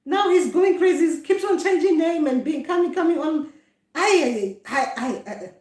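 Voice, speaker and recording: High-voiced South African woman, chatty and laughing. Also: animated, moderate pace, darkish tone, echoey room. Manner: laughs often, exclaims "ay, ay". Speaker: traditional healer hosting a live stream. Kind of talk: casual live-stream chat. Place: home room.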